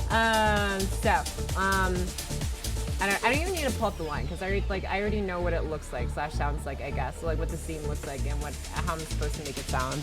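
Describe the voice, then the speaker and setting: A woman streamer chatting casually with her viewers, bubbly, with sudden loud squeals when she greets people. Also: lowish voice. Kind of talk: casual live-stream chat.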